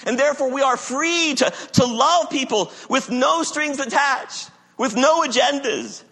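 A man preaching a sermon as pastor, emphatic, moving between loud declarations and quiet low passages. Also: a little slow, gravelly. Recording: long reverb of a large hall.

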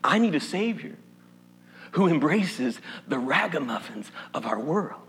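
A man's voice: a little high, big pitch swings, measured pace, a bit bright, a little hiss or hum. A male pastor from Appalachia preaching a sermon in a church, folksy and humorous. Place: church sanctuary. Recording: long hall reverb.

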